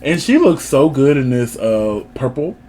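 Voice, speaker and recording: A man co-hosting a casual review chat, animated and teasing as he leads the talk. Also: mid-range voice, unhurried. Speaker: podcast co-host.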